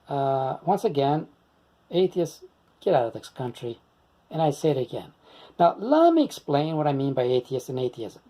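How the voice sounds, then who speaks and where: A man's voice: on the high side, dull audio. A man in his sixties with an Italian American accent, delivering a rambling, insistent and combative monologue to the camera. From United States. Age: 60s. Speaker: video blogger.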